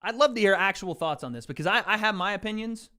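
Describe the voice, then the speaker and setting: A man's voice: sits high, animated, fast, pushed and bright, clean tone. Chatty man livestreaming to his chat. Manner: loose and chatty, lots of "bro" and "dude". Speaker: livestream host. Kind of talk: casual livestream chat with viewers. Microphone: desk mic with mixer.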